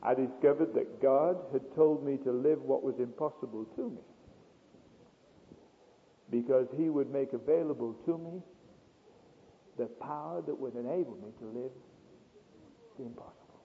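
A man preaching a storytelling sermon, dramatic and swinging between hushed and loud delivery. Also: mid-range voice, moderate pace, long pauses. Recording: tinny phone-like sound in a reverberant hall.

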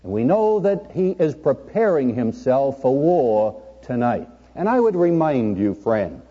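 A man preaching a sermon, calling his listeners "friend" and holding long dramatic pauses. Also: fairly high pitch, dark tone, slightly rough, big-room sound, dull audio. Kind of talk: sermon on prophecy.

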